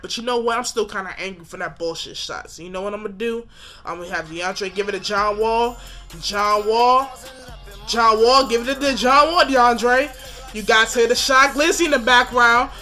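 A man calls his video game basketball match play by play, animated and joking, swinging between hype and mock outrage. His voice is bright and forward. Faint music plays behind him. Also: high-pitched. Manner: animated, hypes plays, jokes and trash-talks. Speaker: gaming commentator. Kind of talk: excited play-by-play game commentary.

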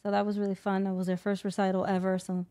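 A woman's voice: medium pitch, monotone, quick pace, mellow. A woman co-hosting a podcast in casual chat, easygoing and talkative. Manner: easygoing, chatty, laughs along. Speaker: podcast co-host.

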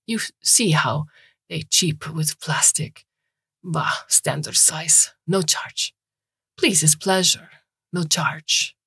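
A woman's voice: sits low, slow pace, creaky, pushed and bright, slightly rough, no echo, studio quality, full character voice. A woman voicing a kindly old male repairman with an Eastern European accent, speaking in clipped, broken phrases.

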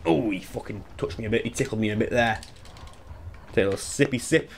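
A man in his twenties chatting casually and excitedly while playing through a game, swearing freely and wandering into asides. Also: lowish voice, fast, noisy background. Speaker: gaming YouTuber. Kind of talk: live speedrun commentary.

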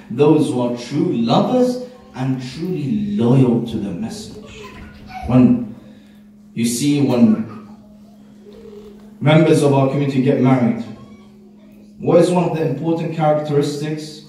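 Man preaching in an echoey hall. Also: a little hiss or hum. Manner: storytelling, acts out dialogue with lively pitch swings. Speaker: speaker. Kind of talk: sermon. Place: community hall. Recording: echoey hall, mic at a distance.

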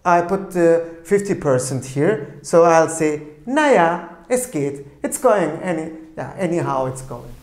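A language teacher talks slowly and patiently, repeating each phrase more than once. The voice sits at an ordinary middle pitch. The room around it is noticeably echoey. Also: a little mellow. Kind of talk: slow patient language lesson.

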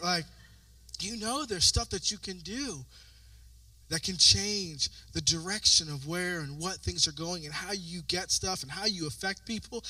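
A man preaching a sermon as pastor, telling stories with lively acted-out voices. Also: high voice, dry recording, recorded from a distance, poor audio. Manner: animated storytelling with acted-out voices. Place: church sanctuary.

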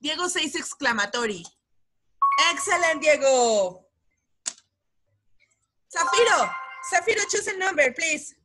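A woman's voice: high-pitched, big pitch swings, measured pace, pauses often, noisy background. A woman teaching English to children over a video call, running a quiz and cheering pupils on by name. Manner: encouraging, calls on pupils by name. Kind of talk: online class quiz game.

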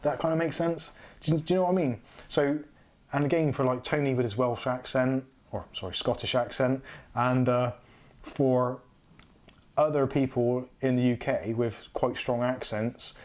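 A man with an English West Country accent chats loosely on his home livestream, often stopping to correct himself. His voice sits at an everyday middle pitch. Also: fairly even intonation, normal speed, darkish tone. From England. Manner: rambling, self-correcting, chatty. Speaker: livestream host. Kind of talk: casual livestream chat.

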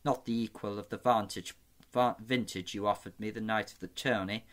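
A soft-spoken eunuch spymaster, read by a man in a fantasy audiobook. Courteous and wry, he sounds smooth and unhurried, sitting a little low in pitch. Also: fairly even intonation, close to an everyday voice. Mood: sly.

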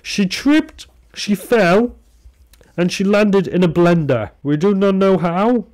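A man doing a squeaky smug defense lawyer. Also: animated, takes it slowly, darkish tone. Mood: mock-earnest. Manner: mock-pleading to a jury, high squeaky voice.

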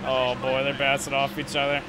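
A man's voice: mid-range voice, completely flat delivery, fairly quick. A young man giving live gameplay commentary, ranting with exasperation and heavy swearing. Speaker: gaming commentator. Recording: loud game engine noise underneath.

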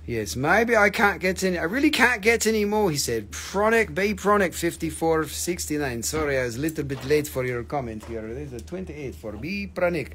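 A man's voice: on the high side, animated, normal speed, hardly any pauses, a bit bright, a little hiss or hum. A man hosting a live crystal sale stream, joking playfully and chatting with viewers as he shows each piece. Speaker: host selling crystals on a livestream. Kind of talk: live sales stream chat.

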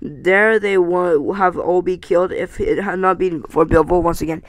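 A man reading a novel aloud in a halting way, stumbling and restarting often. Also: high voice, fairly even intonation, no echo, rough recording. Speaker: amateur audiobook reader.

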